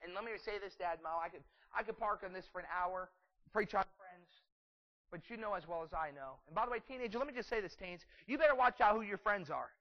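A man preaching a revival sermon, a fervent storyteller who builds to loud exhortation. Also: sits high, quick pace, lo-fi sound.

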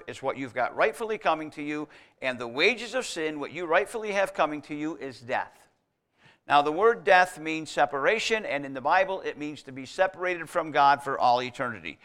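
A man preaching a teaching sermon, talking through Bible verses in a conversational way and stressing key words as his loudness rises and falls. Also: fairly high pitch. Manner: conversational, emphatic on key words, swings between loud and quiet.

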